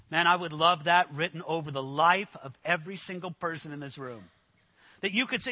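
A man preaching a sermon to a room of people, earnest and emphatic, slowing down to stress scripture quotes. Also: fairly high pitch, pushed and bright, breathy edge, big-room sound. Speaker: pastor. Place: church hall with an audience.

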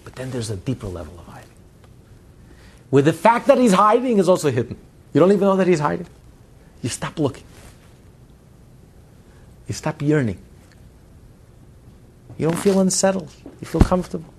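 A man teaching a Hasidic text in a spoken lecture. He builds emphatic runs of repeated phrases, then drops to quiet, low asides. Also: slight background noise. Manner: swings between loud stress and low, quiet asides. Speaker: Torah teacher.

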